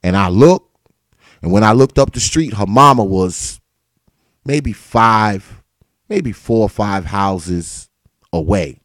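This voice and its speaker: A man's voice: on the low side, slow, pauses often, dry recording. A man hosting a live talk show, telling a story in a casual, profane way and swearing freely. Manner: animated, swearing freely, rising in outrage. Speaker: host of a live talk stream.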